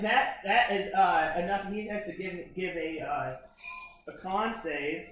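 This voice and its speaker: Game master, man, bright voice, stop-start narration, echoey room with music under it. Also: sits high. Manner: halting, full of fillers and restarts. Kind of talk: narrating a tabletop horror game.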